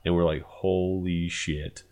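A man telling a funny story in casual chat, animated and profane, acting out what people said. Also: sits low, takes it slowly. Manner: animated, profane, acts out quotes.

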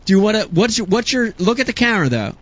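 A man's voice: high voice, very animated, fast talker, lo-fi sound. A man hosting a live fishing show, coaxing and upbeat as he wraps up, often restarting his sentences. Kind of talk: live show wrap-up chat. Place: room with a small crew, on camera.

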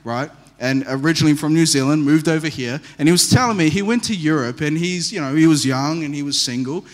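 A man preaches with a high voice and a lively storytelling manner, tossing in humorous asides. His words ring out with a long reverb in a church hall. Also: brisk. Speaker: pastor. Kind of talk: sermon.

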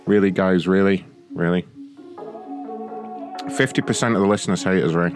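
A man's voice: low-pitched, steady tone, normal speed, music in the background. A man hosting a prank call show, mocking and swearing at callers. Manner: sneering, profane, mocking. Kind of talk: abusive prank call banter.

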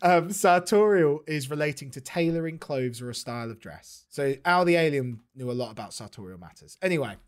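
Lively, playful man co-hosting a podcast. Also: medium pitch, fast talker. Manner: playful, reads quotes with mock gravity and laughs often. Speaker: podcast co-host. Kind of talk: casual chat, reading articles aloud.

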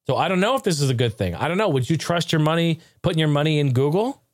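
A man's voice: fairly high pitch, lively intonation, fast, slight background noise. A man hosting a casual tech talk show, swearing freely, laughing often and rambling animatedly.

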